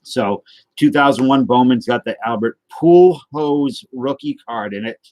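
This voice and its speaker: A man with an unhurried, slightly mellow mid-range voice hosts a trading card and guitar livestream, recorded with no room sound. He chats casually, rambling as he responds to viewers and jokes about himself.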